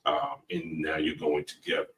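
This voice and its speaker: A man co-hosting a podcast, talking through scripture in a relaxed, reflective way and laughing easily. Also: very deep voice, moderate pace, creaky. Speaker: podcast co-host. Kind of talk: casual faith-based discussion. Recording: distant mic with faint room noise.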